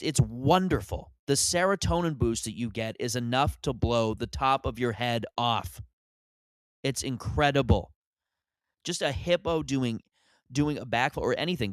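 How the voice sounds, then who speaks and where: A man's voice: mid-range voice, no echo. Guy in his 30s rambling thru a comedy podcast, keeps restarting, dry close mic. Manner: rambling and animated, with lots of restarts. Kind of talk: solo comedic monologue.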